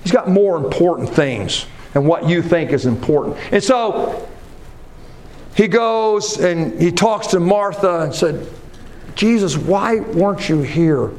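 A man preaching a sermon, moving from low earnest talk to loud rising exhortation. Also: unhurried, a little hiss or hum. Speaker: pastor.

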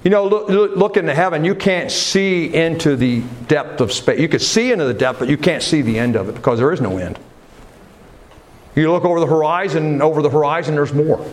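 A man's voice: on the high side, fairly quick. A man preaching a sermon in a church, talking casually and putting questions to his congregation. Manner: conversational, asks questions of the congregation.

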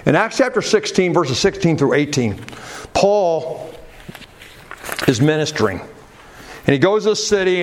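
A man preaching a sermon in a chatty, animated way. His voice sits fairly high and swings widely in pitch. He talks straight to his congregation with frequent asides.

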